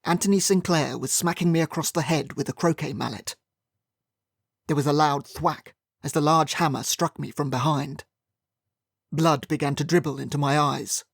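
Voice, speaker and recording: A man's voice: fairly high pitch, fairly even intonation, normal speed, creaky, slightly rough, no echo. A man narrating a mystery audiobook in the first person, with dry, wry storytelling.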